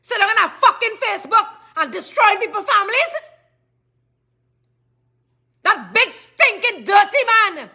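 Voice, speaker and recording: High, furious Trinidadian woman ranting. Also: very animated, moderate pace, creaky, bright, forceful tone. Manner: furious, cursing, repetitive questioning. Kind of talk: angry rant to camera.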